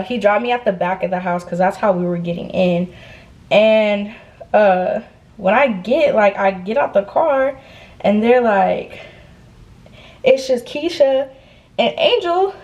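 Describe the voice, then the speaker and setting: Young woman, storytime vlog, animated, profane slang, casual retelling. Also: mid-range voice, low-quality recording. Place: indoors, getting ready.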